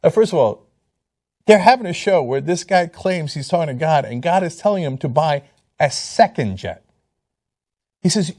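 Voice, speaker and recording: A man's voice: high voice, sing-song, normal speed, darkish tone. A man giving sarcastic commentary on video clips, incredulous and mocking, with laughing asides.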